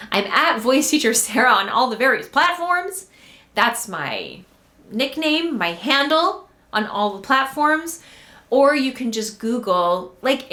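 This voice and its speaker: A woman's voice: medium pitch, a bit bright. A woman hosting her own podcast as a voice teacher, talking to singers in an earnest, heartfelt, emphatic way. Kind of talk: encouraging solo podcast talk. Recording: roomy echo.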